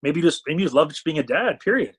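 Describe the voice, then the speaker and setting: A man from Canada tells stories on a podcast at a rapid clip, his voice slightly husky. He's animated and acts out what everyone said, hopping between quoted voices in casual chat. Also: on the high side. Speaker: talent management CEO, podcast guest.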